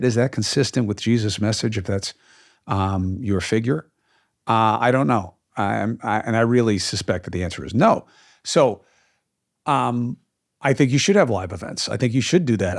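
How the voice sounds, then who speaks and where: A man hosting a podcast, talking emphatically about his views, with many ums and uhs. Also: on the low side. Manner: emphatic, frequent fillers. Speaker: podcast host. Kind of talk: opinionated casual talk.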